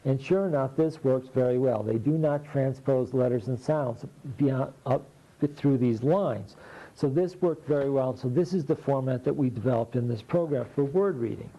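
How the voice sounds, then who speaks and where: A middle-aged man with a very dark, mellow voice and a middle pitch. He explains his reading materials in a plain, folksy, practical way. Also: normal speed, highs cut off. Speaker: literacy teacher.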